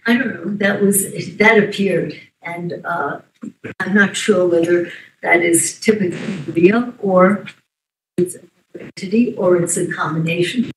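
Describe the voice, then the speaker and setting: A woman giving expert testimony in a courtroom under cross-examination, halting and often trailing off mid-sentence. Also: fairly low pitch, a little hiss or hum. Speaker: expert witness. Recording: roomy, distant courtroom audio.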